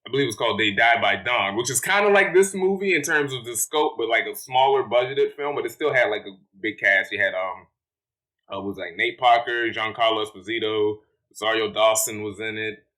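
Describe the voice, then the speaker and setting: Man, casual movie review, lowish voice, bright forward tone, rambling, lots of ums. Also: brisk, poor audio. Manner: rambling, lots of fillers and restarts.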